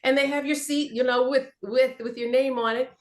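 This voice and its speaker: A woman guest on a livestream panel, telling her story in a lively, animated way and acting out the people she quotes. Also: moderate pace. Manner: lively, acts out quotes with big pitch jumps. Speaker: voice actor guest.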